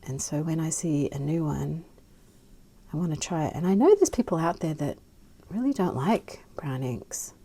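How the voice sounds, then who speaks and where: Australian woman, lowish voice, warm and mellow, chatty rambling ink-swatching vlog, murmured asides. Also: moderate pace, slightly rough. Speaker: fountain pen ink vlogger. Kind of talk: casual chatty swatching session.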